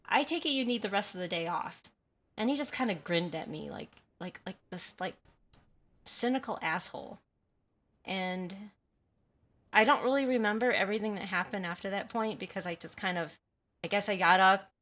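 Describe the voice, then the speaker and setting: A woman talking on a livestream from her home, with a bright, clear voice. She tells her story in a loose, chatty way and keeps breaking off to read viewer messages aloud. She apologizes often as she goes. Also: on the low side. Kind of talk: casual storytelling and chat reading. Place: at home by a window.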